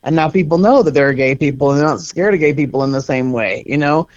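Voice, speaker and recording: A man's voice: on the high side, quick pace. A middle-aged man speaking as an interview guest, earnest and reflective, laughing now and then. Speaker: guest, center co-founder. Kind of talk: conversational interview. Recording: slightly dull lo-fi audio.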